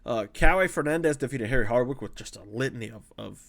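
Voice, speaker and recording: A man's voice: mid-range voice, expressive, fast, creaky, fairly bright tone. A man in his forties giving a casual, conversational breakdown of fights as a channel host. He corrects himself as he goes and gives blunt opinions. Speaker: MMA analyst and channel host.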